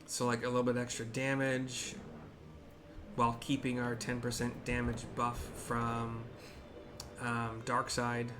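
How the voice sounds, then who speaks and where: A man's voice: mid-range voice, completely flat delivery, a little slow, background noise. A man giving casual commentary on a video game for blind viewers, rambling, hesitant and often correcting himself. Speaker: gaming streamer narrating for blind viewers.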